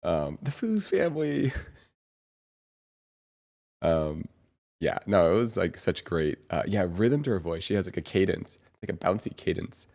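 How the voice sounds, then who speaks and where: A man streamer chatting casually to his viewers, rambling and halting, with lots of fillers and restarts. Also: deep voice, darkish tone. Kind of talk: casual live-stream chat.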